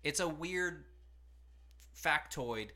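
This pastor who hosts a podcast speaks with a bright, clear voice pitched on the high side. Recording in a studio, he guides a casual teaching talk, unpacking concepts animatedly and tossing in brief performed quotations.

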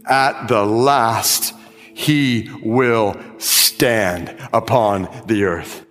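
Male pastor, slow deliberate sermon delivery, recorded in a large church with music beneath. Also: lowish voice, fairly bright tone. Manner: slow, emphatic preaching with dramatic scripture reading. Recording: music behind, long hall reverb.

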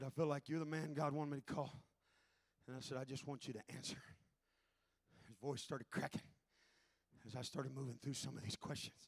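A man preaching a Pentecostal sermon, shouting his points with rising fervor and then dropping low to tell a story. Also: creaky, husky, dry recording. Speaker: pastor.

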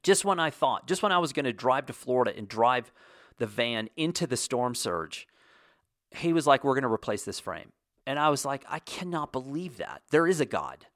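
A man's voice: medium pitch, animated, moderate pace, fairly bright tone, dry recording. A man in casual monologue, telling a story and animating the quoted lines in his own voice. His voice sits mid-range, recorded close in a dry, dead room.

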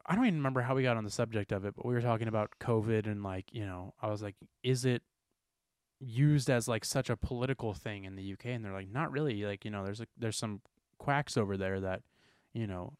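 A man's voice: lowish voice, fast, clean tone, no echo, clean studio sound. Rambling young man hosting a podcast. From United States. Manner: rambling, animated storytelling. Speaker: podcast host. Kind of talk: casual podcast chat.

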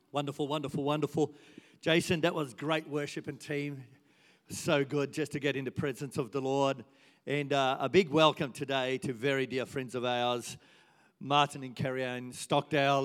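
A man in his sixties preaching and telling stories, his voice rising loud and dropping soft as he goes. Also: mid-range voice, moderate pace. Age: 60s. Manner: animated storytelling, swings from loud to soft. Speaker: pastor. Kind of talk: sermon. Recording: reverberant church hall.

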